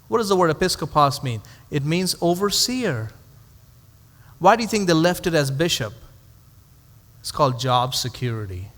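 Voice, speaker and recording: A man's voice: a little high, a bit bright, big-room sound. A male pastor teaching a Bible study to a live audience in a conversational way, asking rhetorical questions and adding dry humorous asides.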